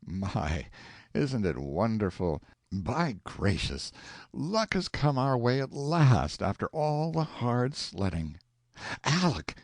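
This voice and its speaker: A man's voice: medium pitch, sing-song, slow, dry recording, clean studio sound, voice pushed up, full character voice. A man voicing an eager, impatient middle-aged husband in an audiobook, full of folksy exclamations. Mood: excited. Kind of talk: audiobook character voice.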